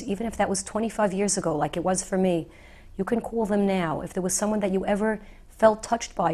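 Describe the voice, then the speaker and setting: Middle-aged widow talking soft and earnest, kinda low voice, reassuring, says things twice. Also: female voice. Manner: soft, earnest, reassuring, repeats key phrases. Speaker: widow giving advice to the bereaved. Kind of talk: gentle heartfelt talk to the viewer.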